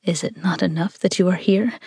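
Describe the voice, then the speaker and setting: A woman's voice: on the low side, fairly even intonation, a little fast, a little mellow, breathy edge, no room sound, clean studio sound. A woman reading a brooding, tormented lover. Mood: tender. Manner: murmured, earnest, sometimes whispered. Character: brooding young man, devoted, tormented lover.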